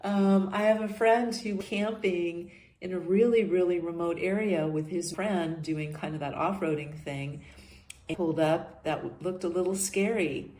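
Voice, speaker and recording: A woman's voice: fairly low pitch, fairly even intonation, unhurried, a little mellow. An older woman hosting a podcast, talking earnestly through a personal monologue and often trailing off and restarting. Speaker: podcast host. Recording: echoey room.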